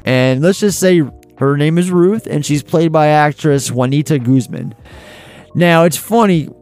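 A man's voice: fairly high pitch, unhurried, a little mellow, faint music behind. A man hosting a film podcast, chatty and rambling with many fillers. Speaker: podcast host. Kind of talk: casual film podcast talk.

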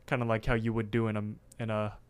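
Smooth-voiced man recapping a cartoon. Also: on the low side, little pitch movement, fast. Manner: recaps scenes with many fillers. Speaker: podcast co-host. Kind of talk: casual podcast recap.

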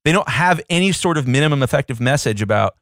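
A man's voice: mid-range voice, lively intonation, fast talker, a bit bright, no room sound, studio quality. A man co-hosting a podcast in casual chat, playful and fond of slipping into silly voices. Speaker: podcast co-host.

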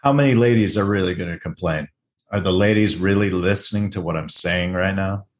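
A man with a fairly low voice co-hosts a casual movie podcast. He talks in a loose, joking way and slips into little acted-out quotes as he breaks down scenes. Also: brisk. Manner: animated, joking, acts out quotes. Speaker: podcast co-host. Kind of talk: casual film review chat.

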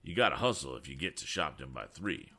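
A man's voice: extremely low pitch, big pitch swings, fairly quick, sharp tone, exaggerated voice. A man voicing a burly, grizzled older farmer who talks in a drawling rural dialect. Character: burly grizzled old male farmer, folksy.

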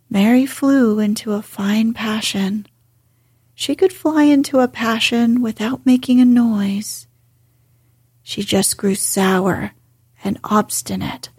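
Female narrator, whispered storybook reading; breathy, unhurried, dry close sound. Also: mid-range voice, steady tone, darkish tone, dry recording. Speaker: audiobook narrator.

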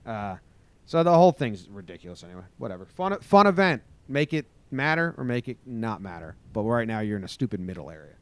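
A man's voice: on the low side, sing-song, a little fast, no room sound. A man co-hosting a podcast, chatting loosely and joking as he reads odd news headlines. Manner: loose, joking, swears casually. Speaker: podcast co-host. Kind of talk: casual podcast chat and news rundown.

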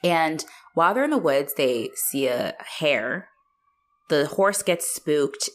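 A woman co-hosting a casual film chat, recapping the plot with frequent laughter and casual swearing. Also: extremely low pitch. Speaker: podcast co-host.

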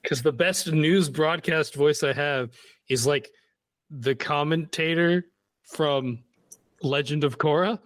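A man co-hosting a podcast, chatting in a giggly, animated way. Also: fairly high pitch, slow, no echo. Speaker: podcast co-host. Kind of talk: casual podcast chat.

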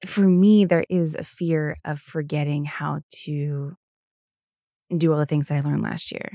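A woman's voice: sits low, fairly even intonation, measured pace, warm tone, dry recording, clean studio sound. A tired young woman hosting a podcast on her own. She rambles in a casual chat, packs her talk with fillers and swears freely. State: tired, yawning. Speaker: podcast host.

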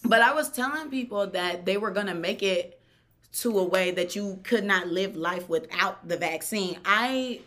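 A woman's voice: mid-range voice, moderate pace. Chatty young woman podcast co-host. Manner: chatty, animated, laughs often. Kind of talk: casual chat.

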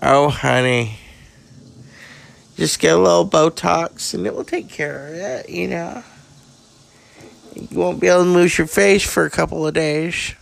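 A man's voice: on the high side, unhurried, vocal fry, pauses often, pitched above the performer's own voice. A man doing an impression of a crude, brash older actress, bawdy and campy in manner. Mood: bawdy, camp.

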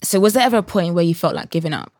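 A young man asks quick, curious questions in a fairly high voice. His speech runs fast and carries a gravelly rasp. The recording is dry and close. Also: expressive, darkish tone, no echo. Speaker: interviewer. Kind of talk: casual interview questions.

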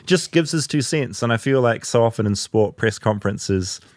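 A man's voice: mid-range voice, animated, normal speed, dry recording. A man with a New Zealand accent, a podcast host narrating and chatting in a self-deprecating way.

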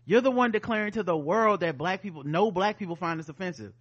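A man hosting a podcast, talking casually in an animated, rambling way, full of asides and fillers. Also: high voice, quick pace, muffled recording. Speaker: podcast host. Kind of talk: casual chat.

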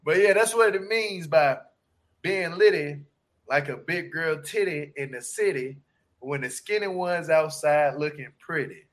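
A man, chatting casually with loud, laughing, slangy, animated storytelling. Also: fairly high pitch, a little slow. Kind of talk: casual joking chat.

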